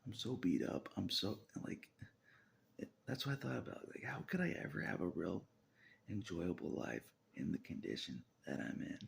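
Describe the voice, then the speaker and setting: Male solo vlogger, low raspy voice, rambling monologue with chuckles, pitch all over the place. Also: big pitch swings, moderate pace, a little hiss or hum. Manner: swings from loud outbursts to low muttering with frequent laughs. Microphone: camera mic.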